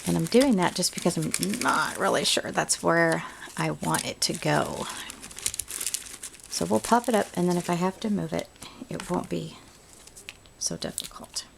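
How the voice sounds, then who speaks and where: A woman's voice: lowish voice, measured pace, creaky, pauses often, background noise. A woman hosting a home craft tutorial, chatting casually and thinking aloud as she works. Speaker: crafting video host.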